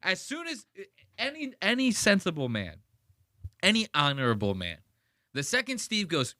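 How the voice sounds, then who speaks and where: A male podcast host ranting in a casual, profane, animated way, full of "like". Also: sits high, moderate pace, no echo, clean studio sound. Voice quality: animated, profane, heavy use of "like".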